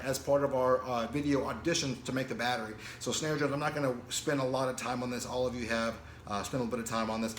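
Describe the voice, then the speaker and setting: A man teaching snare drum parts, explaining rhythms casually and counting beats and stickings out loud. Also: mid-range voice, a little hiss or hum. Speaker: drum instructor. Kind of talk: casual instructional talk. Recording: echoey room with loud drumming.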